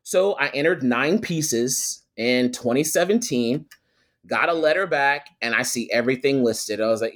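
A young adult man, a guest telling a personal story with lively quoted voices. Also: medium pitch, normal speed. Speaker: guest, photographer and attorney. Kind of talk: storytelling in a podcast interview.

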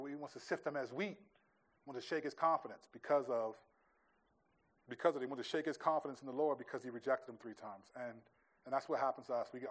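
Conversational man answering as pastor. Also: mid-range voice. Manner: conversational, restarts sentences, thinks aloud. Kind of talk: church Q&A answer.

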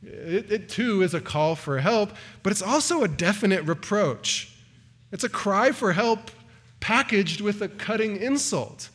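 A male pastor walks through a passage in an earnest sermon. His voice sits a little high for a man, and he lifts into sharper emphasis when he voices the cries he is quoting. Now and then he stumbles and restarts a word. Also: animated, a little slow, a bit bright. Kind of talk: expository sermon.

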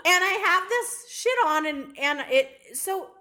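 A woman co-hosting a podcast, telling stories in casual chat with loud laughing outbursts and a lot of swearing. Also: extremely high pitch, expressive, measured pace. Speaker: podcast co-host.

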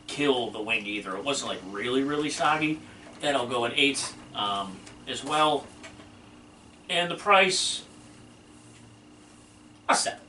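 A man's voice: mid-range voice, pushed and bright. A man co-hosting a wing review podcast, giving blunt, emphatic verdicts in casual chat. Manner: blunt, emphatic, fired-up critic. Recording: echoey room, distant mic, faint noise.

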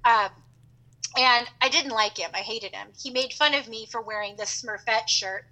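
A middle-aged woman telling a long story in casual chat, animated and acting out the voices of the people in it. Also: a little high, normal speed, poor audio. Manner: animated, acts out quoted voices.

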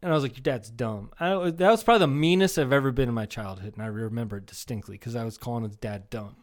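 A rapid-fire, medium-pitched man's voice comes from an Iowa native in his thirties who co-hosts a comedy podcast. He tells rambling stories in casual chat, cursing freely and mimicking people.

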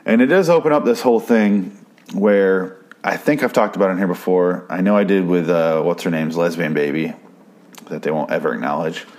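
A man's voice: deep voice, fairly quick, darkish tone. A man casually recapping a TV episode, rambling and swearing freely with frequent restarts.

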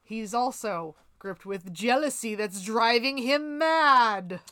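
A woman's voice: fairly high pitch, expressive, slow, sharp tone, clean tone. A woman co-hosting a podcast, mostly chiming in with short agreements and dry asides about a film. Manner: brief agreeing interjections, dry jokes. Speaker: podcast co-host. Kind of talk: casual chat, film review.

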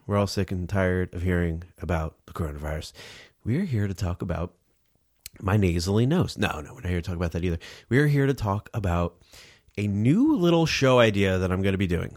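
A man's voice: lowish voice, darkish tone, dry recording, clean studio sound. A man hosting his own podcast in casual solo talk, sounding nasal from a stuffy nose, chatty and self-deprecating with rambling asides. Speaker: podcast host. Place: home recording setup in New Jersey.

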